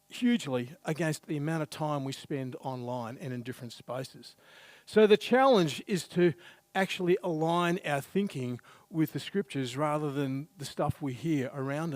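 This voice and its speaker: A man's voice: fairly high pitch, no room sound. Chatty man preaching. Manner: chatty, self-deprecating storyteller. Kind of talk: sermon with humorous anecdote. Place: church.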